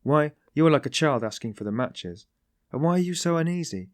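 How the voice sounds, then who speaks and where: A man's voice: on the high side, lively intonation, fairly quick, dry recording, clean studio sound, pitched above the performer's own voice, close to an everyday voice. A man voicing a sly, genial detective who teases in a mocking, ironic way. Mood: teasing. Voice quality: tittering, mocking.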